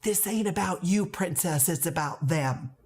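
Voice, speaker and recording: A middle-aged woman coaching teachers in a playful, animated way, often acting out the voices she quotes. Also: fairly low pitch, measured pace. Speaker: teacher trainer.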